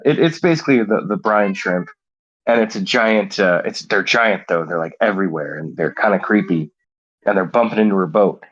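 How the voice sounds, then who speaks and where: A man's voice: lowish voice, moderate pace, breathy edge, highs cut off. A man co-hosting a casual podcast, telling a rambling, playful made-up story. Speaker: podcast co-host. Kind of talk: casual chat, improvised movie pitch.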